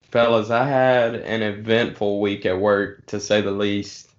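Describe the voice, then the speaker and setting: A man's voice: lowish voice, level tone, lo-fi sound. A man telling a rambling story to friends in a casual, swearing way. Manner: laid-back, swearing, drawn-out pauses.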